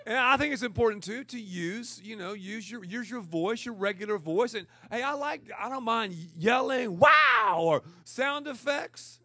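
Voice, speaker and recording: A man with a high voice gives a lively, comic conference talk about preaching. He laughs between phrases, stacks up repeated words, and keeps an easy, animated rhythm. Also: normal speed, hardly any pauses, husky, no room sound. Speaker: guest preacher.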